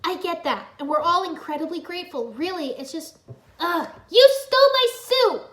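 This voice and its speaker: Woman reading as an indignant young fighter, high loud shouting, roomy echo. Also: expressive, moderate pace.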